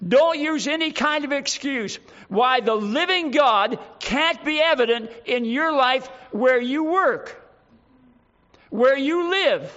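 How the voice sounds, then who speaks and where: A male preacher with a strikingly high voice delivers an emphatic sermon, driving home each point with rhetorical questions. The recording sounds dull and lo-fi. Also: bright, forceful tone.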